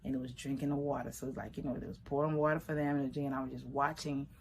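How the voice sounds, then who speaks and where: Telling a personal story, a Liberian woman speaks in a notably low voice with little pitch movement. She is unhurried and reflective, occasionally lifting into quoted voices, with faint background noise underneath.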